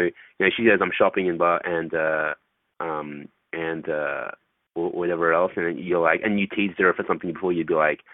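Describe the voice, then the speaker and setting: In a casual interview, a man coaching on dating speaks loosely with swearing and acts out phone calls. His low-pitched voice moves at a moderate pace, recorded dry over a tinny, phone-like line.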